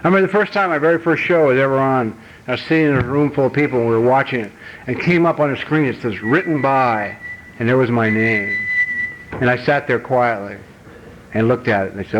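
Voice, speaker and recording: A middle-aged American man giving a talk at a recovery banquet, telling stories bluntly and acting out voices, shifting from quiet asides to loud outbursts. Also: mid-range voice, a little fast. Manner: blunt, rough-edged language. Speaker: AA speaker. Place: banquet hall. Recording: dull archival banquet recording with faint hiss.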